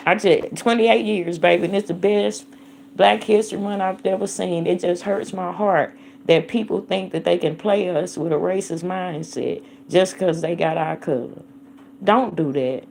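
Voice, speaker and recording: A woman's voice: medium pitch, creaky, a little hiss or hum. A woman hosting a livestream, delivering an impassioned, preachy monologue that calls listeners baby and honey and rises to emphatic declarations. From United States. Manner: emphatic, rising to angry declarations. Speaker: livestream host.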